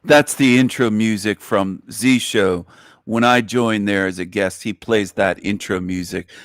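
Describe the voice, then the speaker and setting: A man's voice: fairly low pitch, fairly even intonation, a little slow, dry recording, clean studio sound. A man hosting an online show in a mocking livestream monologue, with a repetitive, taunting, sing-song delivery.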